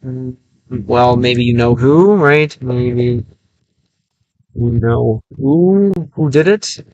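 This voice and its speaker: A man streaming a game, chatting casually and thinking aloud in a halting, self-correcting way. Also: mid-range voice, darkish tone, lo-fi sound. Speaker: language-learning streamer. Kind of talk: casual livestream chat while gaming.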